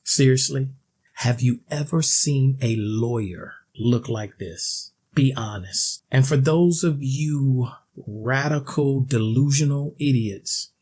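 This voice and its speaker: A man's voice: mid-range voice, slow pace, a little mellow, husky. A man ranting in a video commentary, blunt and sarcastic, with a mocking edge.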